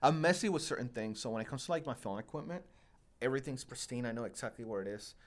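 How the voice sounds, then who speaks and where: A man's voice: medium pitch, animated, fast talker. A young man hosting a podcast, telling long self-deprecating stories in casual chat, full of fillers. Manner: rambling, self-deprecating storytelling with many fillers. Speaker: podcast host.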